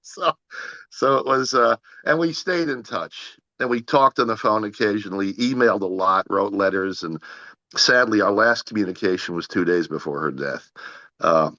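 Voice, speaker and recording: A man's voice: lowish voice, normal speed, pushed and bright, no echo, dull audio. A man, an actor, telling a long story as an interview guest, rambling with frequent restarts and repeated words.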